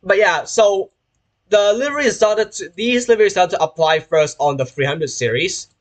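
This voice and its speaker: A young man from Hong Kong, a little high in pitch, talks casually while streaming. His English has a British-sounding accent, his throat is sore, and he rambles, restarting and correcting his phrases as he goes. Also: normal speed. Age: young adult. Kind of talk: casual live-stream chat while playing a train simulator.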